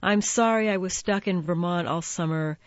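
A woman's voice: on the low side, normal speed, no room sound, dull audio, natural voice. A woman voicing a snippy, bubbly teenage girl friend in an audiobook.

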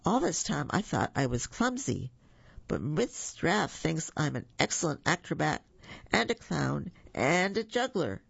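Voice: medium pitch, unhurried, vocal fry, husky, no echo, heavily acted. A reader voicing an eager, clumsy young lion cub in a children's storybook. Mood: excited. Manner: eager, excited. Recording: muffled lo-fi recording.

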